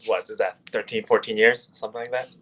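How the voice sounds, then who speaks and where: A man who founded a marketing agency, a guest on a podcast interview, speaking in a relaxed, casual way and laughing easily. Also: fairly low pitch, fast talker, slight background noise.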